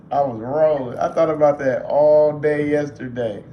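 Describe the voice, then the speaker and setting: A man chatting loosely on a livestream, joking and cursing as he goes. His voice sits at an ordinary pitch and carries a roomy echo. Faint noise hums underneath. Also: fairly even intonation, normal speed, highs cut off. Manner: loose, joking, swears freely. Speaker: livestream host. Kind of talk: casual livestream chat.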